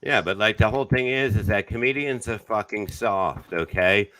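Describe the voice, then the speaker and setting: A man's voice: fairly low pitch, normal speed, pushed and bright, smooth, poor audio. A man, a comedian guest, talking bluntly and profanely in a casual podcast chat.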